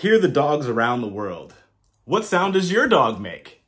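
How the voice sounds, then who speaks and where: A man's voice: on the high side, sing-song, measured pace, a bit bright. A man reading a picture book aloud to children, talking to them directly in a friendly way and inviting them to join in. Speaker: children's storyteller.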